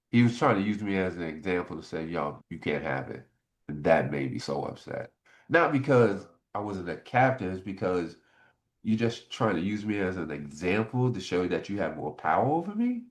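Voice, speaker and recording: A middle-aged man, a former football player, telling stories in a casual interview and getting animated as he recalls his frustrations. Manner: animated, jumps high in pitch when retelling frustration.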